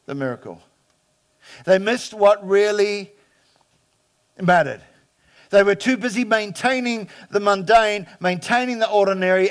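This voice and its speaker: A man, preaching a sermon as pastor, emphatic, acting out quoted voices and swinging from loud to hushed. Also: high voice.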